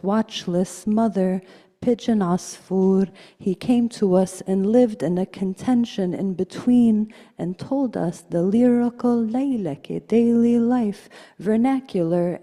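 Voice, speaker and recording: A woman poet giving a live poetry reading at a gallery, slow and incantatory, repeating words like a chant. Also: medium pitch, mellow, long reverb tail. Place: art gallery event space.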